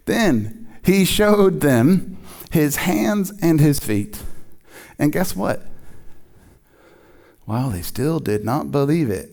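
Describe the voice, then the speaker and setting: A man preaching a sermon with a slightly higher voice. He talks in a relaxed, conversational way, animated and joking with the people in front of him. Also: slow, vocal fry, long pauses. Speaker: pastor.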